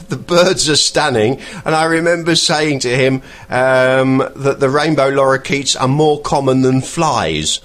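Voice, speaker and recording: A man's voice: mid-range voice, a bit bright. Rambling man podcasting. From England. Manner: rambling and chatty, pausing to search for words. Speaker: podcast host. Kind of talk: casual podcast monologue.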